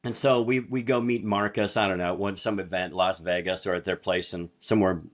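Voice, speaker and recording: Low-voiced man telling rambling stories. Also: steady tone, a little fast. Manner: rambling anecdotes with chuckles. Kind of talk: casual storytelling.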